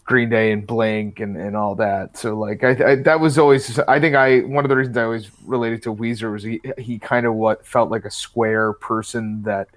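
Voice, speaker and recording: A man co-hosting a casual podcast chat, quick and chatty, with lots of fillers. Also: fairly low pitch, steady tone. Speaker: podcast co-host.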